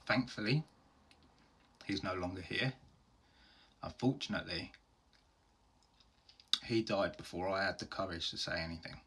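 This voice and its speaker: A man's voice: low voice, a little slow, long pauses, a bit bright, a little hiss or hum. A man hosting a solo question-and-answer video, talking in an open, earnest and heartfelt way in plain everyday words. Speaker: host answering viewer questions. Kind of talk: candid solo Q&A.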